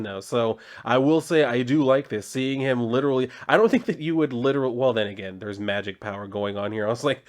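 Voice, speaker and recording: A man casually reviewing a comic book, chatty and joking, with many fillers and asides. His voice sits at an average male pitch.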